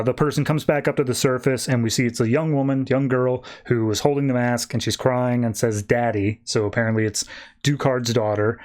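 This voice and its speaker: A man's voice: medium pitch, darkish tone. A man hosting a podcast, casually recapping a comic book and slipping into character voices. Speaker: podcast host.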